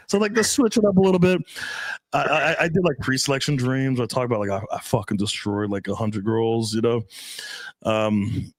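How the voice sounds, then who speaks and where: A man in his thirties, a dating coach, telling crude stories in casual podcast talk and acting out the dialogue with big swings in pitch. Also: normal speed, no room sound.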